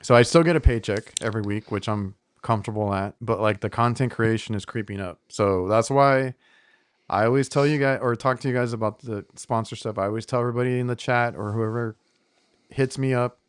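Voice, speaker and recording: A man's voice: mid-range voice, steady tone, brisk, smooth, no echo. An American man co-hosting a casual podcast, a working HVAC technician who talks in a loose, rambling way with frequent restarts. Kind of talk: casual chat.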